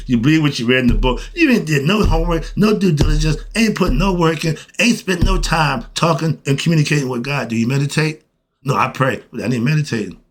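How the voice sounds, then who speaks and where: A man giving a blunt, emphatic spiritual monologue in casual slang, asking questions and answering them himself. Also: on the high side. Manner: emphatic, asks and answers his own questions; colloquial, blunt. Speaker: host.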